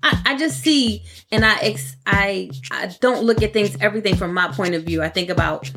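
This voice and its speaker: A woman in her forties chatting casually on a podcast, animated and laughing, acting out quotes in playful voices. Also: mid-range voice, normal speed, soft background music. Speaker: podcast co-host.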